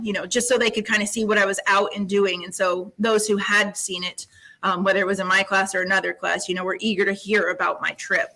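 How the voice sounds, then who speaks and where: Bright-voiced woman telling her story. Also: mid-range voice, level tone, a little fast, poor audio. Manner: upbeat storyteller, laughs often. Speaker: guest, middle school science teacher. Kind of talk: casual interview chat.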